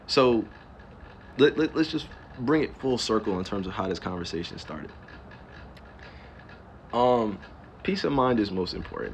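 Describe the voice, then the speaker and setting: A man's voice: on the low side, fairly bright tone, slight background noise. A man from New Jersey ranting on a livestream, firing off rhetorical questions and cursing for emphasis. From Newark, New Jersey. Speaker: livestreamer and pro athlete. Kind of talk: casual livestream rant.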